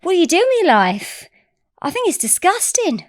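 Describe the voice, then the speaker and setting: Woman doing a drunk bossy female banker, attempted Australian accent, high shrill scolding, swearing, dry close sound. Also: wildly swooping pitch, moderate pace, no room sound, exaggerated voice. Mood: disgusted.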